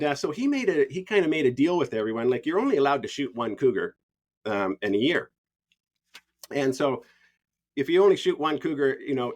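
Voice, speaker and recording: This is a man in his fifties, a guest on a podcast who tells long stories about his life. He talks in an easygoing, rambling way and laughs often as he goes. His voice sits at an ordinary middle pitch. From Canada. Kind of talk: casual storytelling.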